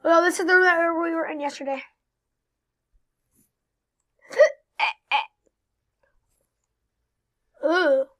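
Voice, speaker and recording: A woman's voice: extremely high pitch, extremely slow, pauses often, a bit bright. A young woman hosting a gameplay video, chatting and joking dramatically about what happens in the game. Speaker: gaming video host. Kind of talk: casual gameplay commentary.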